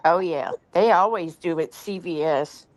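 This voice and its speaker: A woman's voice: lowish voice, a little slow, a little mellow. A woman hosting a livestream and chatting in a dry, matter-of-fact way. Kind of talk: casual chat.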